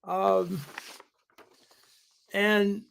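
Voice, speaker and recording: A man's voice: sits high, level tone, drawn-out words, vocal fry, a bit bright, smooth. A man hosting a show, giving an emphatic lecturing monologue and throwing rhetorical questions at his listeners. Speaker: host.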